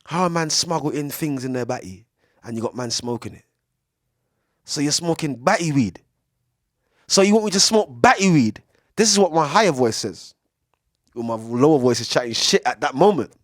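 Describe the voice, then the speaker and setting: A young man with gives a casual, preachy podcast monologue, swearing freely and swinging between loud bursts and hushed asides. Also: mid-range voice, animated, normal speed, long pauses, no room sound, studio quality. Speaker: podcast speaker. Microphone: studio mic.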